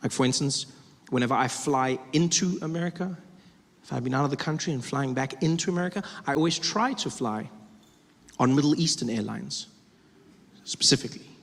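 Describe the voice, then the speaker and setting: A male stand-up comedian tells a story in a conversational, self-deprecating way, often stopping to restart sentences. His gravelly, mid-range voice runs a little fast, and the reverberant live hall carries audience noise.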